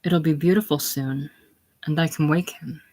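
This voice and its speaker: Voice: mid-range voice, fairly even intonation, normal speed, close to an everyday voice. A reader voicing bitter, proud Josie. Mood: brooding. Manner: hard and grim, with soft crooning moments. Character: proud, bitter young farm woman. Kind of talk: casual play reading.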